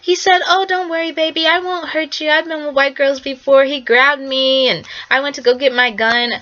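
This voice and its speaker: A woman putting on a shrill, melodramatic young woman on the stand. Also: steady tone, normal speed, sharp tone, dull audio. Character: young woman giving false testimony, shrill.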